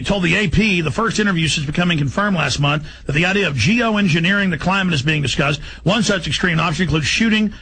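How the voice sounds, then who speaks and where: Talk radio host, man, gravelly and forceful, high-pitched agitated rant. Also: a little hiss or hum, poor audio. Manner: agitated, rapid, emphatic ranting. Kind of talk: ranting talk radio monologue.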